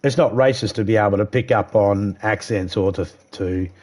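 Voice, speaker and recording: A man with a lowish voice chats over a live game stream. He rambles, swears freely and repeats his points as he works through them. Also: normal speed, a little mellow. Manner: rambling, profane, repeats himself. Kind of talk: casual chat while gaming.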